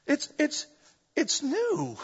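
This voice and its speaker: A middle-aged man preaching a sermon, animated and full of humorous storytelling, recorded in a church hall. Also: very high voice, extremely slow, creaky. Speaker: pastor. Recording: dull echoey hall recording.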